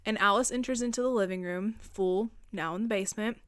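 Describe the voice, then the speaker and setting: A young woman hosting a podcast, casually retelling a film's plot in a chatty, profane way and slipping in quick voices for the characters. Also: mid-range voice, fairly bright tone, no echo, clean studio sound. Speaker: podcast host. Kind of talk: casual film recap.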